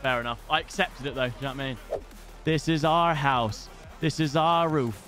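A young British man commentating live on his own gameplay, excitable and casual, swearing freely and shouting at big moments. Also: medium pitch, moderate pace, soft background music. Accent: British English. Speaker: gaming streamer.

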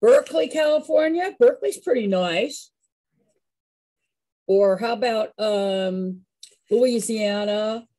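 A woman's voice: mid-range voice, slow, long pauses, warm tone. A woman leading a live singing and movement class, upbeat and coaxing as she calls on people by name.

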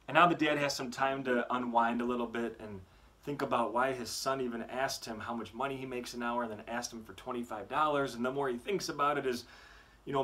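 A man, a youth motivational speaker, giving a weekly faith talk to students with animated, earnest storytelling. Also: medium pitch.

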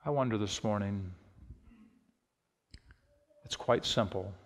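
A middle-aged male pastor preaching a sermon, telling a personal story in an easy tone and rising to emphatic, shouted peaks. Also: on the low side, slow, big-room sound. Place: church sanctuary.

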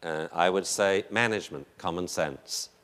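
A man's voice: low voice, moderate pace, fairly bright tone. A man giving a live lecture on dog behavior in a chatty, joking, anecdotal way.

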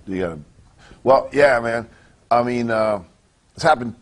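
A man's voice: mid-range voice, measured pace. A man from Canada, a wrestler guest, talking bluntly in a casual interview, swearing constantly and often restarting his sentences. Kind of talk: casual profane interview talk.

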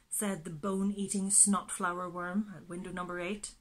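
A woman reading a picture book aloud to children, with gentle, hushed asides. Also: lowish voice, level tone, normal speed, few pauses. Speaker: storyteller.

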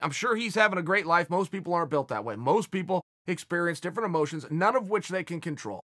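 A man giving a motivational speech in a high, bright voice that swings widely up and down. He talks bluntly and hammers his points home, dropping the odd curse. The sound is dry and close. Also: animated, fast, no room sound. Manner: blunt, emphatic, swears for emphasis. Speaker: motivational speaker.

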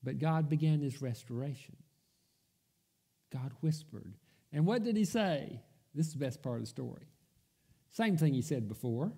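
A man delivers a sermon with a fairly high, mellow voice. His pitch swings widely as he tells the story and voices the figures in it. He takes his time and lets his voice sink nearly to a whisper to make a point. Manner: storytelling, acting out quoted voices, drops to a whisper for emphasis. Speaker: pastor. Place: church.

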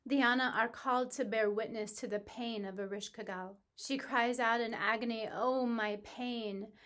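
A woman who works as a spiritual teacher recounts a myth in calm, measured storytelling. She slows and softens on solemn phrases. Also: on the high side.

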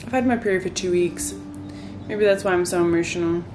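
A young woman vlogging to her viewers from a bright white bedroom, talking candidly and a little wearily as if on a casual video chat. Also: lowish voice, fairly quick, background noise. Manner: tired, candid and rambling. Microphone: phone camera, close. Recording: faint guitar music underneath.

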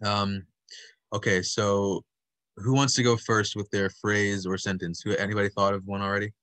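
Low, dry-voiced man teaching puppetry. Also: level tone, moderate pace, a bit bright, no echo. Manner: patient, encouraging, explains step by step. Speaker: puppetry workshop instructor. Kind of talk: teaching an online workshop. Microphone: video call.

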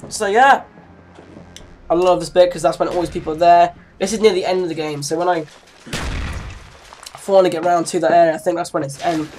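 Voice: medium pitch, fairly even intonation, fairly quick, long pauses, darkish tone, a little hiss or hum. A teenager in their late teens with an English accent, giving rambling, chatty gameplay commentary with giggly asides. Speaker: gaming channel host.

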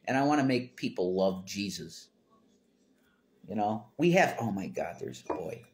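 A man's voice: fairly low pitch, very animated, normal speed. A man hosting a casual home livestream, reading chat comments aloud, rambling and swearing bluntly.

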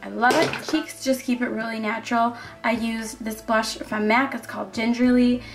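Upbeat young woman over soft music. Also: a little high, little pitch movement, normal speed. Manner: chatty, upbeat, fillers. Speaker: makeup tutorial narrator. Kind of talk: voice-over tutorial narration.

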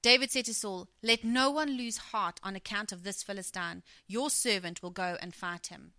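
A middle-aged woman delivers a sermon in an animated storytelling manner. Her tone is bright and forward, the sound dry and close. She slips into the voices of the people she quotes. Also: mid-range voice, moderate pace, no echo. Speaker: preacher.

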